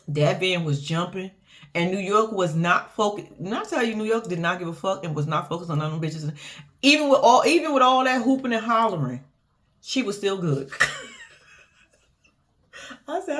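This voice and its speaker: This medium-pitched woman talks at a moderate pace with long pauses as she recaps a reality show. Her chat is casual and animated, peppered with swearing and frequent laughter, and she performs the quotes of the people involved.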